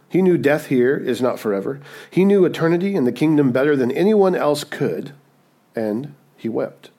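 A man preaching a sermon, dynamic and conversational, rising to emphatic peaks and dropping to hushed moments, often checking in with his listeners. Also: mid-range voice. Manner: conversational, checks in with "okay?" and "right?". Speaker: pastor.

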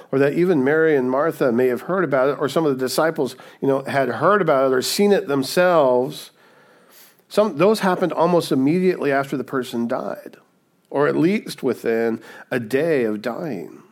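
A man's voice: medium pitch, a little mellow. A male pastor preaching a sermon in a conversational way, often checking in with "right?" as he retells Bible stories.

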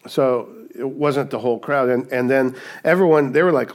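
A man's voice: mid-range voice, expressive, fairly quick. A male pastor preaching a sermon in a conversational way, often checking in with "right?" as he retells Bible stories.

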